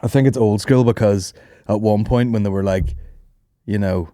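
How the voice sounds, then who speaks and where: A man's voice: fairly low pitch, moderate pace, mellow, no echo, clean studio sound. A young man hosting a podcast, rambling through stories with lots of swearing and laughter. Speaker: podcast host. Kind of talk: casual chat.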